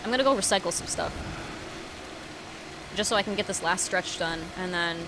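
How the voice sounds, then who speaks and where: A woman streamer chatting casually while gaming, ranting with lots of swearing and sudden loud outbursts. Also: lowish voice, moderate pace, background noise. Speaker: game streamer.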